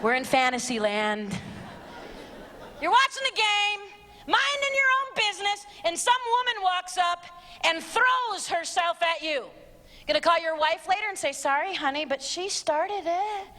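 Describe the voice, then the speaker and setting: A middle-aged woman giving a blunt, sarcastic live talk to teens and parents, her voice jumping high when she exclaims. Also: lively intonation, a little slow, pushed and bright. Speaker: speaker. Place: church auditorium. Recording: long reverb of a large hall.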